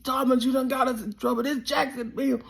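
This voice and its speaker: A man voicing his panicked older basketball coach, yelling in a frantic, shrill voice as he retells a story. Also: fairly even intonation, fast talker, creaky, heavily acted.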